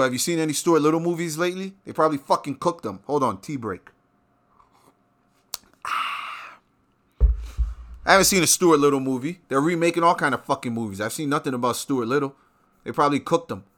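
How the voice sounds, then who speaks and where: A man hosting his own show, delivering a profane, animated rant with sudden loud outbursts. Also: on the high side. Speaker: show host. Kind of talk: ranting monologue.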